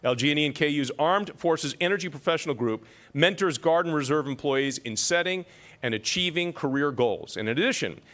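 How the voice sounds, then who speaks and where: A man's voice: on the high side, fairly bright tone. A man emceeing an awards ceremony, reading citations with self-deprecating joking asides.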